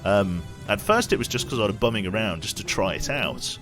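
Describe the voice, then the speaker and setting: A man's voice: lowish voice, expressive, a little fast, hardly any pauses, music in the background. A young man from England with a posh English accent, chatting casually with his viewers while streaming a game, self-deprecating and reading chat aloud.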